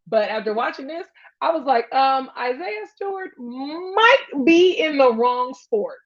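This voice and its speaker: A woman's voice: sits high, animated, measured pace. A woman hosting a casual sports talk, reacting to game footage with laughter and acting out players' lines. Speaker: host. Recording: dull lo-fi sound.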